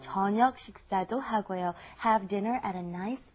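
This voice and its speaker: A woman hosting a television language lesson, cheerful and laughing often as she explains words slowly. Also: medium pitch, darkish tone. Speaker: host.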